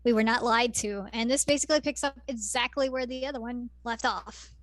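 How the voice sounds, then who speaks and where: Woman, podcast co-host, high voice, wry teasing asides, casual, dry close mic. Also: steady tone, fairly quick, no room sound. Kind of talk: casual anime recap chat.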